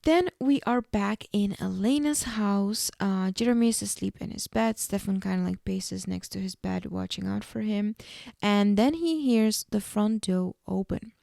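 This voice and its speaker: Female podcast host, casual chatty recapper, warm low-lit tone, dry booth. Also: unhurried, vocal fry, no room sound. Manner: chatty, peppered with fillers.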